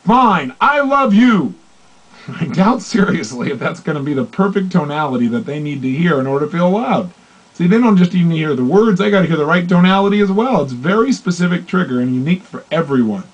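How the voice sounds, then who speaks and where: A man giving a motivational talk on love and relationships, acting out both partners in dialogue with lively, shifting voices. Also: a little high, fast, husky, dull audio. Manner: animated, acts out both partners in quoted dialogue. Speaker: motivational speaker.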